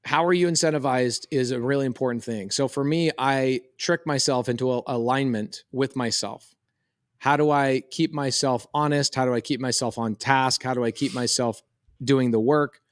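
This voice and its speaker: A man in his thirties hosts a relaxed podcast chat, with a middle-pitched voice. He tells a story in lively bursts and acts out each person's lines. The sound is close and dry, with no room around it. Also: moderate pace, dry recording. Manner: animated, quotes voices in a story. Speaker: podcast co-host.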